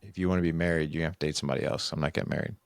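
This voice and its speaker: A man in his forties, a podcast guest, telling personal stories in a candid, animated way and acting out what he once said. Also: rumbling low, rapid-fire, clear, resonant tone, dry recording. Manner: animated, acts out his own past quotes. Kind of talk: candid conversational storytelling.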